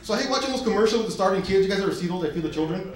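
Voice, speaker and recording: A brash male stand-up comic rattles through crude punchlines, his voice jumping up and down as he acts out characters. He talks on the high side and at a fast clip. The sound is a very echoey live club recording with noise in the room behind him. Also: lively intonation. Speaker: stand-up comedian. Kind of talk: stand-up comedy set. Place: comedy club stage.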